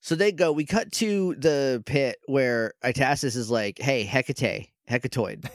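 A man's voice: medium pitch, measured pace, no room sound. Dry-voiced man recapping a show. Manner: jokey, retells scenes with quoted voices. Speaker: podcast co-host. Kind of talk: casual recap chat.

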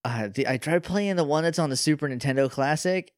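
A man co-hosting a podcast, chatting casually in an excitable, blunt way and laughing often. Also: on the high side, a little fast, dry recording, clean studio sound. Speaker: podcast co-host. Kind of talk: casual chat.

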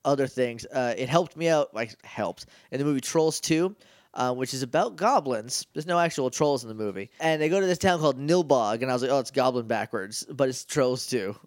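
A young man co-hosting a podcast, casually recapping a show with jokes and quick quoted voices. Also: mid-range voice, lively intonation, dry recording, clean studio sound. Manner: joking, retells scenes with quick quoted voices. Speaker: podcast co-host. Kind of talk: casual comedic recap chat.

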